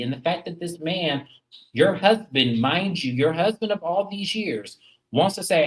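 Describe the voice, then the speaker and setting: A woman's voice: fairly low pitch, animated, measured pace, poor audio. A woman hosting a reality TV recap in casual commentary, blunt and emphatic, cursing freely and talking straight to her viewers.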